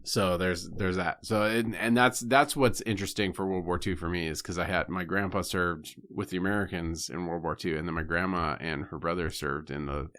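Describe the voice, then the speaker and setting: A man's voice: sits low, fairly even intonation, normal speed, few pauses, fairly bright tone. A man talking as a podcast guest in casual chat, offhand, often answering with short agreements. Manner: agreeable, many "yeah" replies, offhand.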